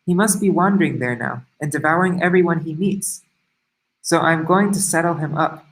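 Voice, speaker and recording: A man's voice: a little high, normal speed, lightly acted, rough recording. A man reading the lines of a brave young warrior prince, earnest and decisive, worried for his brother.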